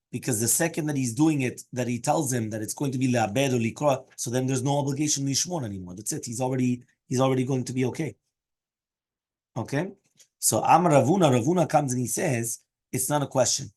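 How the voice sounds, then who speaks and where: In a daily Talmud class, a man with a mid-range, darkish voice translates each Aramaic phrase into English. He often checks understanding with "right?" and "okay?", and his English is sprinkled with Hebrew and Aramaic terms.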